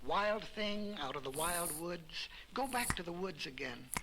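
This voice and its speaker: A man's voice: a little high, expressive, a little slow. A man voicing a proud, wise cave woman in a storybook reading, speaking firmly and dismissively. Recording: crackly vinyl record under loud music.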